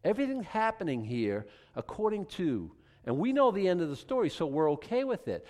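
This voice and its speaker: A man's voice: high-pitched, brisk. A middle-aged man preaching a sermon as pastor, acting out little voices and asides. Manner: animated, acts out voices of God and people.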